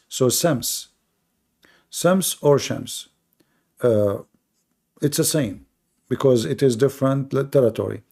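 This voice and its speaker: A man's voice: medium pitch, mellow, husky. A man hosting a live religious debate, emphatic and repetitive, with many hesitations. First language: Arabic. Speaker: debate host.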